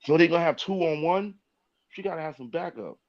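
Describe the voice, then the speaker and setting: A man's voice: on the high side, expressive, fairly quick. Slangy man, slightly dull sound. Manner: blunt slangy banter. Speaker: podcast co-host. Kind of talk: casual chat.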